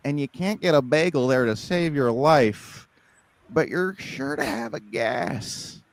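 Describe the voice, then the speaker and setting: A man co-hosting a comedy podcast, improvising rapid bits and slipping into character voices as he laughs through them. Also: medium pitch, dry recording.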